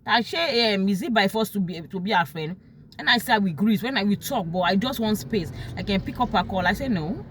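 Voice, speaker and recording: A young woman with a Nigerian accent talks through a personal story, emotional and open, and she acts out other people's words in sharp, raised tones. Her pitch sits in the middle and moves a lot. A faint noise of vehicles runs behind her. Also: animated, fairly quick.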